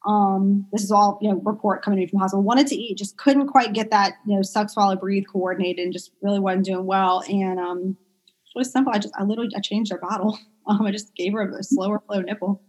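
A woman's voice: mid-range voice, quick pace, husky, low-quality recording. A young adult woman, a pediatric speech therapist, talking casually as an interview guest, chatty with many fillers. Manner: chatty, many fillers, animated retelling of stories. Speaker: pediatric medical speech-language pathologist, guest.

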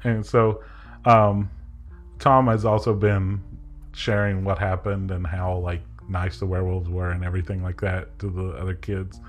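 A man narrating a tabletop game as game master, relaxed and chatty with many fillers. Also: deep voice, moderate pace, faint music behind.

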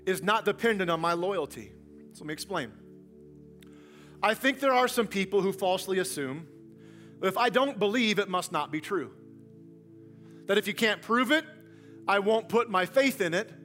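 Dynamic high-voiced male preacher. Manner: dynamic preacher, storytelling with humor, swings from hushed to loud. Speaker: pastor. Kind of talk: sermon.

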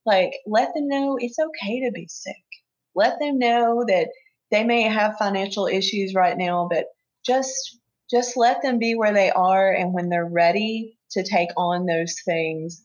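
A woman speaking as an interview guest, earnest and halting, with many fillers and restarts as she talks openly. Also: mid-range voice, darkish tone, highs cut off. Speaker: interview guest, family caregiver. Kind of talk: emotional personal conversation.

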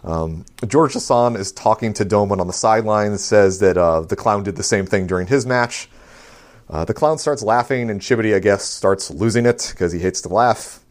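A man with a fairly low voice talks through an episode recap for a podcast. His delivery is loose and rambling, with frequent "um" and "uh" filling the gaps. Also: normal speed. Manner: rambling, full of "um" and "uh" while recapping. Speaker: podcast co-host.

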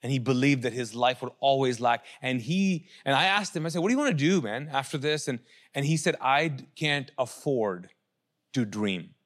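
A middle-aged male pastor preaching a sermon, animated, asking the crowd questions and acting out quotes. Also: mid-range voice, a little fast.

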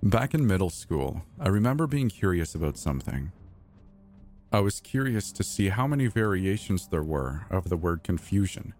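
A man narrating a scripted horror story in the first person with a measured, deliberate delivery. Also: deep voice, very animated, darkish tone.

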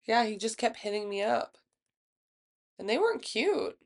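A woman's voice: fairly high pitch, big pitch swings. A young woman co-hosting a casual podcast, blunt and profane as she tells stories. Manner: blunt, profane, quick storyteller. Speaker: podcast co-host.

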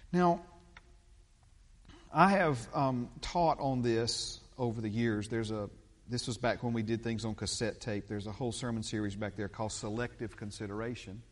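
Man preaching in a reverberant church. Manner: emphatic preaching with big swings in pitch and loudness. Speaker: pastor. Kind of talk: sermon.

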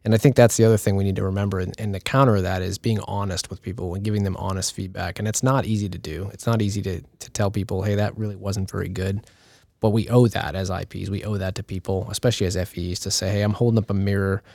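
A man with a gravelly, low voice talks quickly and earnestly, giving advice in a casual roundtable chat. His voice sounds close and dry. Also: steady tone, a little mellow, no room sound. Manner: earnest, advising. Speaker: senior instructor pilot.

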